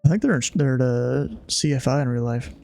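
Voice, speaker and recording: Playing a flight controller on stream, this young Kentucky man laughs often, uses casual slang, and drops into terse radio calls between chatty stretches. His medium-pitched voice is gravelly yet a little mellow and a bit fast, with soft music in the background.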